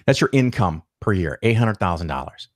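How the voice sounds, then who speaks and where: Brief: man, podcast guest, lively profane storyteller, dry close sound. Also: low voice, fairly quick, no echo. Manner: animated, profane, acts out quoted voices. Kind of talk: casual storytelling interview.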